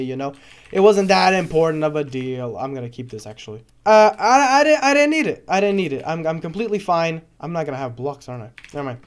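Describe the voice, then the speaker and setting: A man giving live gameplay commentary, excitable, rambling and stumbling over his words, swearing and yelling at the game. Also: high-pitched. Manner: excitable, swears and yells at the game, trash-talks it. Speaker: gaming video creator.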